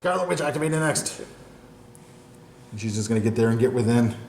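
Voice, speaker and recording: A man with a medium-pitched, gravelly, darkish voice and lively intonation hosts a tabletop battle report, talking through his moves fairly quickly in a casual, self-deprecating way. The room is echoey with faint noise.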